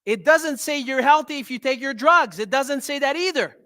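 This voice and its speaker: A man with a French Canadian accent, a holistic health doctor giving a live talk to an audience, animated and often asking "right?". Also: very high voice, moderate pace.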